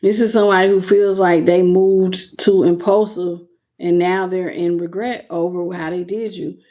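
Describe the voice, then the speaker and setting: Her voice on the low side, steady and dark, at a moderate pace, a tarot reader talks directly to her viewers in a casual on-camera reading. She uses loose slang and sounds moved by what she's reading.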